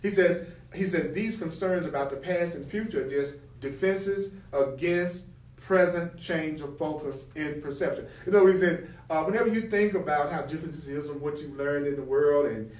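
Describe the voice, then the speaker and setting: Reading aloud from a spiritual text, a man then explains each passage through rhetorical questions and animated, acted-out example conversations. His voice is on the high side at a moderate pace, and the distant mic gives a roomy sound.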